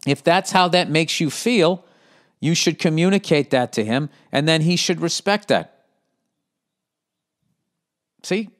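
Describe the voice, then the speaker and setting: Speaking a little high and unhurried, with long pauses, the middle-aged Boston-accented podcaster reads listener letters. Then he rants back at them, animated and swearing all the while.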